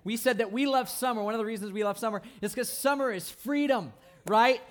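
A young man giving a lively, playful youth sermon, often checking in with the crowd. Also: very high-pitched, a little fast. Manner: animated, playful, asks the crowd "right?" often. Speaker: youth pastor.

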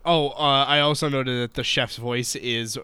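A man's voice: mid-range voice, steady tone, measured pace, pushed and bright, clean tone, no echo. A man co-hosting a podcast, recapping a show in casual chat, profane and jokey, laughing often. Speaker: podcast co-host.

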